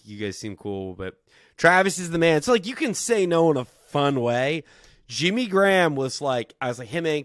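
A young man tells stories to a podcast mic, animated and quick to act out the people he quotes. He swears freely and keeps a casual tone. His voice sits in a middle register, recorded dry and close. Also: mid-range voice, dry recording. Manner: animated, swearing, quoting others in dialogue. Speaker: podcast guest. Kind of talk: casual storytelling.

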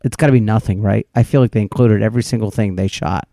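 A man's voice: on the low side, fairly even intonation, fast, dark tone, no room sound, studio quality. A man co-hosting a casual movie review podcast, cutting in with wry asides and corrections.

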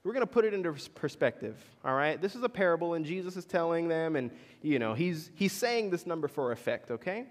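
Male pastor, fairly high voice with a swinging pitch, chatty sermon in a big reverberant hall. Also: sing-song, brisk, hardly any pauses. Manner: conversational preaching with questions to the congregation. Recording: long reverb in a large hall.

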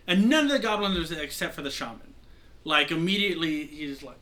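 A young man narrating as game master in a tabletop game, wandering through his descriptions with constant fillers. His voice is bright and a little high. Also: animated, a little fast. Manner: rambling, heavy use of "like" fillers.

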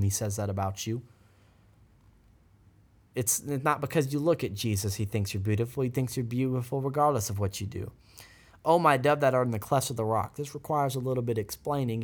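Man, podcast host, scripture teaching, earnest, fervent, mid pitch. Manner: earnest and fervent, with bursts of praise; reads scripture aloud, then explains it.

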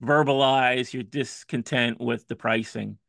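A male podcast co-host with a gravelly, forceful edge to his voice. He talks hesitantly and stammers as he chats. The sound is dry and close, with no room around it. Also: mid-range voice, steady tone, unhurried, no room sound. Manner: hesitant, stammering, laughs often. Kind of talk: casual food-review chat.

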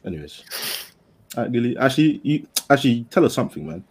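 A man's voice: mid-range voice, very animated, quick pace, breathy edge. A man hosting a casual chat among friends, prompting others to talk. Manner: prompts others, laughs easily. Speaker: podcast co-host, moderator.

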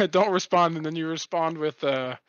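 A man's voice: fairly high pitch, moderate pace, fairly bright tone. A young man telling a story in a casual chat, rambling and swearing often. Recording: dull lo-fi recording.

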